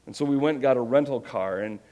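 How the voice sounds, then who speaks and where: A man's voice: medium pitch, quick pace, warm tone. A man preaching a sermon, earnest and emphatic, with self-deprecating humor. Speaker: pastor.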